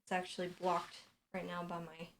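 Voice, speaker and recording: A woman in her late twenties chatting casually on a live stream at home into a boom microphone, relaxed and full of ums. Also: normal speed. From United States. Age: late 20s.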